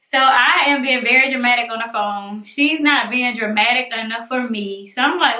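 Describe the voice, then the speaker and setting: Bright, animated young woman vlogger. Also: on the high side, measured pace. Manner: animated, dramatic retelling with acted-out voices. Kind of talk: storytelling vlog. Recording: echoey room.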